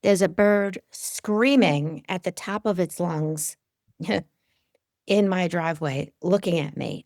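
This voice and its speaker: A middle-aged woman, a medium and interview guest, telling stories lively and acting out what people said. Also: takes it slowly, dry recording, clean studio sound. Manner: animated storyteller, acts out quotes with big pitch jumps. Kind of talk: storytelling in a podcast interview.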